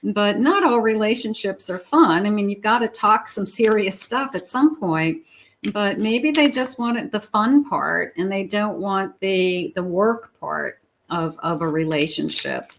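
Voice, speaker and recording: A woman's voice: mid-range voice, measured pace, creaky, a little hiss or hum. Chatty woman giving a tarot reading. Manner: chatty, conversational, with frequent fillers and restarts. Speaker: tarot reader.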